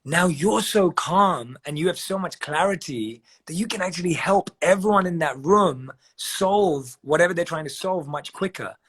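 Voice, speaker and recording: Husky man calmly explaining meditation. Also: high-pitched. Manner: measured, uses step-by-step examples and repetition. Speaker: guest speaker on meditation. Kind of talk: calm explanatory advice on a live video chat. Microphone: video call.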